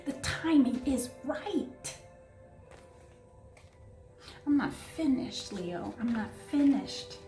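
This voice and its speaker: A woman giving an excitable, gushing tarot reading, talking straight to her viewers. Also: high voice, extremely slow, long pauses, reverberant, faint music behind. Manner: excitable, gushing, breathless asides. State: out of breath. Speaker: tarot reader.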